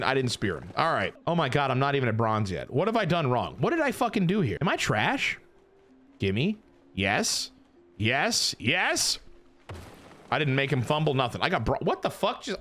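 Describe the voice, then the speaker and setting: A young man giving casual, excitable gameplay commentary, swearing and mocking himself as he plays. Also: a little high. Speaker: gaming YouTuber.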